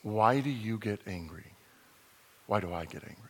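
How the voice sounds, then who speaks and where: A man preaching a conversational sermon as a pastor, animated and sometimes acting out the voices in the story. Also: lowish voice, normal speed, long reverb tail, slight background noise. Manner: conversational, animated, acts out voices in his retelling.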